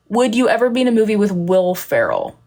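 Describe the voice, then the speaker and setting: A woman's voice: medium pitch, darkish tone. A young woman chatting casually on a livestream, telling rambling, giggly, self-deprecating stories. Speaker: content creator on a livestream.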